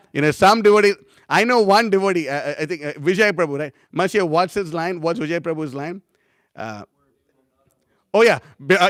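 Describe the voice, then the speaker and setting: A man's voice: on the high side, fairly bright tone, smooth, dry recording, clean studio sound. A young man teaching a casual class, rambling and chatty with many fillers and laughs. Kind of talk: casual class talk with anecdotes.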